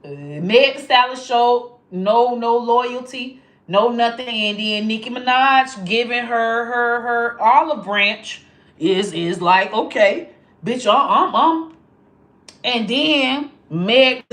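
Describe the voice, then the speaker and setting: A woman hosting casual commentary, animated and profane, often jumping into high squealing voices. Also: a little slow. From American South. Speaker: host.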